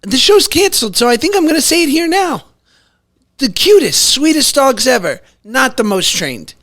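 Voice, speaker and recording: A man chatting as a podcast guest, wry and joking with quick banter. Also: extremely high pitch, sing-song, fairly bright tone. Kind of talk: casual chat. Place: bar.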